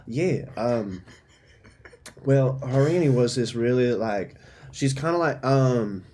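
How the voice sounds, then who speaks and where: A man voicing a cheeky, scheming fifth-grade boy in a tabletop role-play, talking fast and eager. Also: medium pitch, expressive, dark tone, slight background noise. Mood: earnest. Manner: fast, eager, pleading in-character talk.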